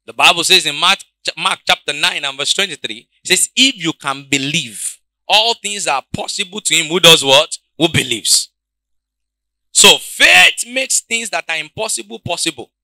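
A man preaching a sermon, calling out questions to the congregation and swinging between quiet, low passages and loud shouts. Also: no echo. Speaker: pastor.

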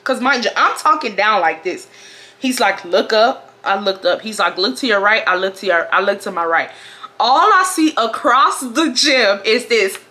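A woman in her twenties from Houston telling a storytime to her viewers in a casual, animated way, acting out the other people in her story. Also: medium pitch, normal speed. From Houston, Texas. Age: 20s. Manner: animated, acts out quotes with big laughing outbursts. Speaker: vlogger.

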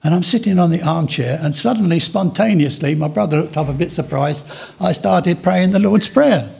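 An older man preaching a sermon, telling his own story with dramatic slow pauses. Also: on the high side, gravelly, darkish tone, slightly rough. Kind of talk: sermon testimony.

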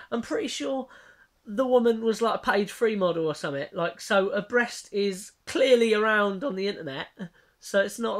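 A man's voice: sits high, fairly bright tone. A young man giving a casual, rambling review of a TV show, blunt, mocking and full of swearing. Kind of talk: casual ranting commentary.

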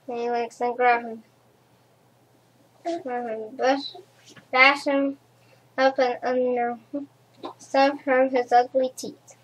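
A woman reads a rhyming children's storybook aloud at a slow, rhythmic pace. Her voice sits high, and she stumbles over a word now and then. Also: steady tone, poor audio. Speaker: storybook reader.

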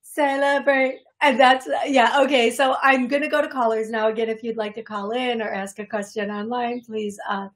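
A woman's voice: fairly high pitch, steady tone, fairly quick, hardly any pauses. A woman hosting a call-in radio show as a psychic medium, talking in a rambling, self-deprecating way and laughing often. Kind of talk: casual radio call-in talk. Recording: radio studio broadcast.

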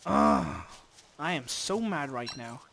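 A man commenting on his game as he plays, chatting casually, cursing at creatures and bursting into loud shouts. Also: on the high side, unhurried, slight background noise. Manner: animated, swears at game creatures, sudden loud outbursts. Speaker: let's play host.

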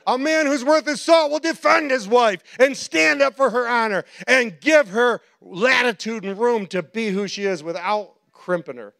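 A male pastor preaching a sermon, telling stories with animated quoted voices and frequent laughter. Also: very high-pitched, moderate pace, gravelly, few pauses. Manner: animated storytelling, acts out quotes, laughs often. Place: church.

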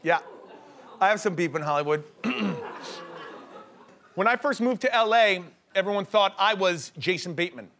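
A young man hosting a comedy show, telling jokey stories in an animated way and laughing through them. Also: high-pitched, normal speed, pauses often, a little hiss or hum. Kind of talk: comedic monologue.

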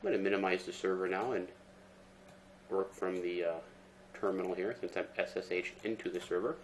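Explaining a screen-recorded tech tutorial step by step, a very low-voiced man stays relaxed and easygoing, though he talks a little fast. He fills his speech with ums and uhs, over faint noise and keyboard clicks.

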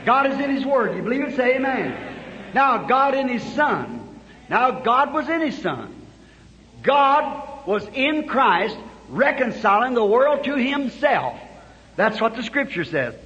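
A man preaching a sermon, building from plain telling to shouted climaxes, recorded on a dull old tape. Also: extremely high pitch, very animated, a little slow, long reverb tail. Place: church hall.

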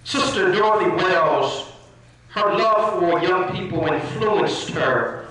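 High-voiced preacher in an echoey hall. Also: male voice, lively intonation, slow pace, crowd noise. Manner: call-and-response preaching. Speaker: minister. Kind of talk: church address. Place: church hall. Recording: echoey church hall from far off.

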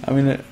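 A man streaming himself playing a fighting game, chatting casually, swearing and laughing, with bursts of excited shouting. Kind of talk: casual gameplay commentary.

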